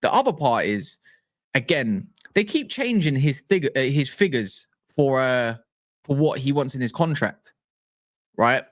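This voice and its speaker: A man's voice: medium pitch, lively intonation, unhurried. A man hosting a football channel, talking casually to camera in a rambling way with exasperated rhetorical questions.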